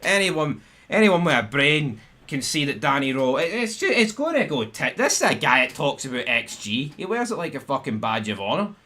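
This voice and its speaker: A man's voice: fairly high pitch, sing-song, moderate pace, pushed and bright. A young Scottish man ranting on a live stream, swearing, tripping over restarts, and his voice jumping up sharply when riled. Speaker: football fan live-streamer. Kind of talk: angry live-stream rant.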